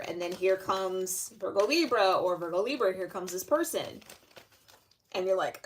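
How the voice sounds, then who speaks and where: A woman's voice: mid-range voice, expressive, normal speed, slight background noise. Young woman, tarot reader, casual monologue, chatty, filler-heavy, conversational.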